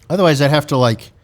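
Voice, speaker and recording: A man's voice: fairly high pitch, a little hiss or hum. A man co-hosting a podcast in a casual chat, rambling with lots of fillers into a studio microphone. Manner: chatty, rambling, filler-heavy. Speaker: podcast co-host. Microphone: studio podcast mic with headphones.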